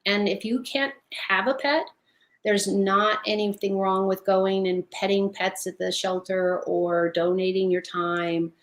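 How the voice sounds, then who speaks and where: A middle-aged woman, a guest in a casual interview, telling lively stories and laughing often. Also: medium pitch, unhurried. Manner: animated storyteller, laughs often.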